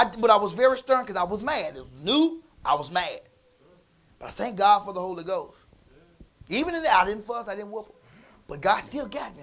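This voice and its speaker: Man preaching a story-driven sermon. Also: high-pitched. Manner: conversational, swings from quiet asides to loud emphasis. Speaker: pastor. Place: church.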